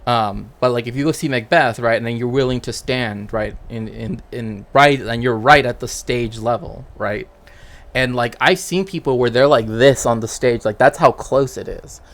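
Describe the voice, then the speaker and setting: A man's voice: medium pitch, normal speed, fairly bright tone. A man talks casually on a live stream in a loose, rambling way. He works as a cultural historian and keeps tagging his points with "right?" in a mid-range voice. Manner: rambling, tags sentences with "right?".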